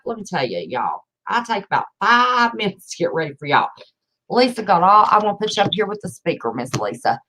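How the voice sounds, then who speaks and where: Woman host, folksy and chatty, mid-pitched. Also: big pitch swings, fairly quick, sharp tone. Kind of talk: casual live-stream chat.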